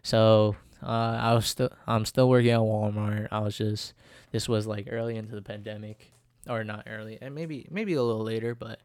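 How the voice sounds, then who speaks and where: A man's voice: on the low side, steady tone, normal speed, darkish tone, no echo, studio quality. A young man hosting a casual solo podcast, rambling, laughing often and correcting himself as he goes. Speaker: podcast host.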